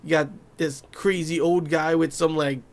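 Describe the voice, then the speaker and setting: A young man with a fairly high voice hosts a laid-back anime review. He talks in a loose, rambling way, full of fillers, and slips into acted-out lines from the show. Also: steady tone, moderate pace, slight background noise. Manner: chatty, loose, filler-heavy, acts out scenes in quoted voices. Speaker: anime reviewer, channel host. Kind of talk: casual video review.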